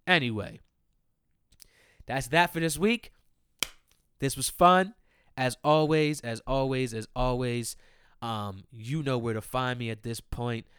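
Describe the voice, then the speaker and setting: A man's voice: mid-range voice, fairly bright tone, clean tone, no echo, studio quality. A man hosting his own podcast, ranting in a profane, heated and repetitive way and talking straight to his listeners. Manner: talks directly to listeners. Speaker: podcast host. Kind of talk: casual solo podcast rant.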